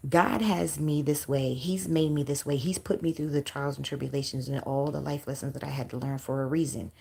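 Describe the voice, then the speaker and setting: A woman's voice: rumbling low, steady tone, a little fast, creaky, dark tone, breathy edge. A woman hosting a livestream, talking bluntly and with profanity, close to tears as she vents to viewers. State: close to crying. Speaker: livestream host. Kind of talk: emotional livestream chat with viewers.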